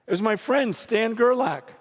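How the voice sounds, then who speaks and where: A man preaching and telling a story, dropping to hushed low lines and rising to loud emphatic peaks. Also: expressive, normal speed. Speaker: pastor. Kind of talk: sermon storytelling. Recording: reverberant hall.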